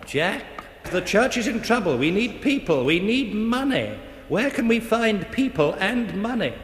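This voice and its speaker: A fretful vicar, voiced by a man, frets aloud with a high, lively voice. The recording is noisy, with a long, roomy reverb, like a live radio comedy taped in a hall. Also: measured pace, exaggerated voice. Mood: pleading. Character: fretful middle-aged male vicar.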